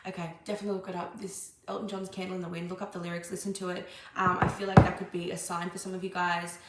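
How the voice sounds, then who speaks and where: A woman's voice: fairly low pitch, little pitch movement, fast talker, heavy background noise. A woman tarot reader musing aloud in a casual, meandering channeling session, with lots of ums and restarts. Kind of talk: casual spiritual channeling monologue. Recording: echoey room.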